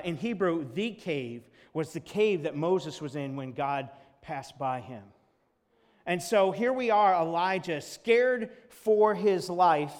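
A man's voice: on the high side, darkish tone. A male pastor preaching a sermon in earnest tones, reading scripture aloud to his congregation. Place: church sanctuary. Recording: long church hall reverb.

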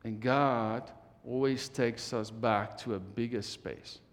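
A man preaching a sermon, repeating phrases, rising to loud emphasis and dropping to hushed near-whispers. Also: medium pitch, steady tone, takes it slowly. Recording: long hall reverb.

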